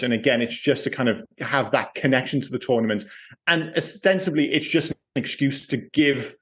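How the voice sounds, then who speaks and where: A man co-hosting a podcast, chatting casually about a movie in an animated, swearing, ranting manner. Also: mid-range voice. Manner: animated, swears often, goes off on rants. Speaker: podcast co-host.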